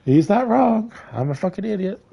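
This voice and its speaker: Profane middle-aged man ranting, lively pitch. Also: moderate pace, gravelly, husky. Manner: profane, heated storytelling with frequent laughs. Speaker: gamer. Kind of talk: casual rant while gaming.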